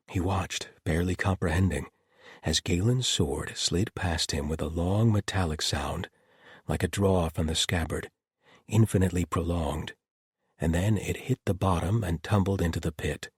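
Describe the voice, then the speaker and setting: Low, husky male narrator reading fantasy, dry close mic, steady delivery. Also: no echo. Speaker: audiobook narrator. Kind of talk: scripted audiobook narration.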